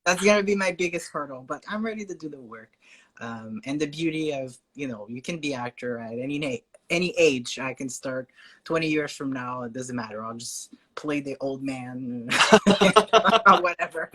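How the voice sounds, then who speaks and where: A man with a French Canadian accent is a guest in a casual conversation, speaking hesitantly with fillers and laughing readily. His voice sits on the high side, animated and slightly bright.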